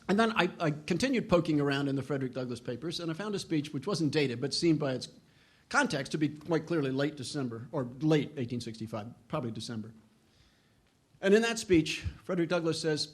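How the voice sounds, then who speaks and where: A middle-aged man giving a history lecture, earnest, with frequent restarts and a lift in voice when reading quotations. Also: medium pitch. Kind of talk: public lecture.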